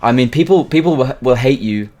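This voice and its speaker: A man speaking as a game creator guest in a casual podcast interview, talking haltingly with frequent restarts and repeated words. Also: mid-range voice, lively intonation, darkish tone.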